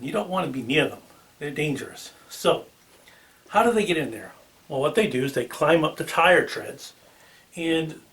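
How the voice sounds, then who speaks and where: Man, Boston accent, car channel host, chatty, slightly high voice, a bit off-mic. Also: a bit bright, far from the mic. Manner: chatty, with filler ums and restarts. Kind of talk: casual talk to camera.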